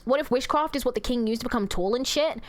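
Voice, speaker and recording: A woman's voice: a little high, fast talker. A woman streaming a video game, reading its dialogue aloud and swearing at the screen. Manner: profane, loud outbursts at the screen. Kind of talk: casual game stream commentary.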